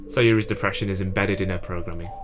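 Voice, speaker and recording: Man doing a teen girl club president, proud, remorseful, tearful, lowish voice. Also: steady tone, fast, music in the background, natural voice. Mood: wry. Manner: emotional, breaking into tears. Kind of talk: fan voice reading of a game.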